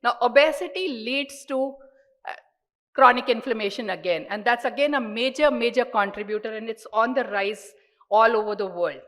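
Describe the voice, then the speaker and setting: A woman's voice: on the high side, moderate pace, fairly bright tone, poor audio. A woman with an Indian accent giving an earnest, explanatory medical lecture at a conference, repeating words for emphasis.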